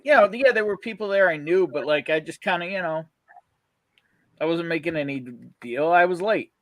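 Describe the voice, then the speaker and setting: A man hosting a casual livestream chat, excitable and swearing, laughing often. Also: on the high side, normal speed, no echo. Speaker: host.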